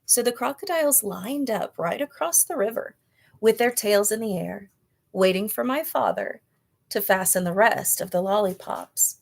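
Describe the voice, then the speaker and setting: A woman reading a children's novel aloud, with clear, expressive storytelling. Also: medium pitch, moderate pace. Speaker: storybook reader.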